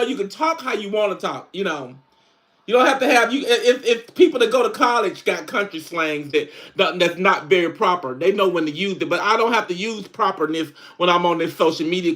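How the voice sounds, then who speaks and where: A man's voice: high voice, sharp tone. A man playing a sassy middle-aged country woman, chatting in country slang on a live stream. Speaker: livestream host. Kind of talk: casual live-stream chat.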